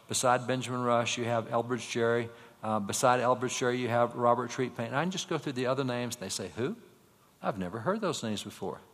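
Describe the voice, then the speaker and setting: Man, public speaker, slide-show lecture, middle pitch, storytelling, rhetorical questions, long hall reverb. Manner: lively storytelling, rhetorical questions, quick name lists.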